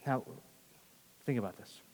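A man preaching a sermon, earnestly shifting between hushed and forceful emphasis. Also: unhurried, big-room sound, slight background noise. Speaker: pastor.

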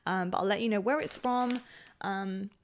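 A woman co-hosts a casual podcast chat in a medium-pitched voice at a moderate pace. She's chatty and giggly and uses lots of fillers.

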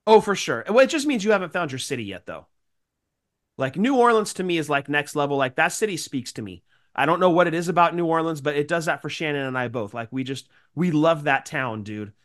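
A man with a nasal, congested voice from a cold, chatting loosely on a podcast. His voice sits a bit higher than most men's. He talks in a rambling, grateful way. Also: expressive, fairly quick, a bit bright. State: sick with a cold. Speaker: podcast co-host. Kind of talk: casual chat.

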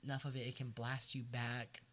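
Man, casual podcast chat, animated retelling, middling pitch, quick character voices. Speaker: podcast co-host.

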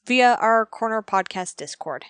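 A woman's voice: a little high, animated, measured pace, a bit bright, smooth, dry recording. Laid-back woman podcast co-host, dry sound. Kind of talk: casual podcast chat.

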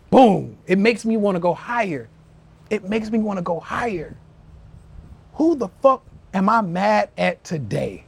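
A high-pitched young man delivering a fired-up motivational rant on a live stream. He swears freely and preaches at his followers, calling them family. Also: sing-song, normal speed, creaky, slightly rough, no room sound. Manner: profane, preachy, addresses listeners as family. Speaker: podcast host. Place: live social media stream.

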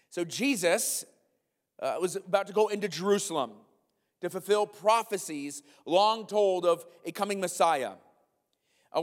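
A man preaching a sermon as pastor, animated and sometimes acting out a comic scene. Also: long reverb tail. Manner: animated, acts out a comic scene in a loud high voice.

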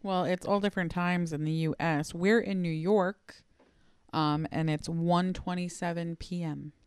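A woman's voice: fairly low pitch, fairly even intonation, a little slow, a little mellow, clean tone, dry recording. A woman co-hosting a casual podcast, dry and teasing. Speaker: podcast co-host. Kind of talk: casual chat.

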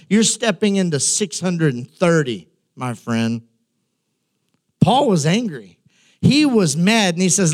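Pastor guy preaching, high voice, chatty, repeats himself for punch. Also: lively intonation, unhurried. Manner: conversational preaching with emphatic repetition. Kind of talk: sermon.

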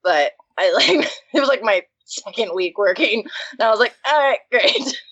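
A woman's voice: on the high side, lively intonation, normal speed, a bit bright, husky, no room sound. Chatty woman laughing through stories. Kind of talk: casual chat. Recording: dry muffled sound.

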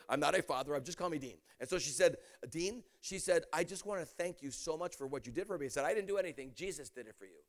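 Fast-talking, animated male preacher. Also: high voice. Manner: animated, swings from loud exclamations to hushed intensity. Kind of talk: sermon storytelling.

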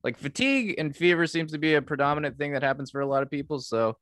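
A young man chats on a podcast and keeps breaking into laughter. His voice is smooth and resonant, and it sounds dry and close to the mic. He talks loosely and pokes fun at himself. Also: a little high, fast, a bit bright, no echo. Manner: chatty, laughs often, self-deprecating. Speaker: podcast co-host. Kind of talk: casual chat.

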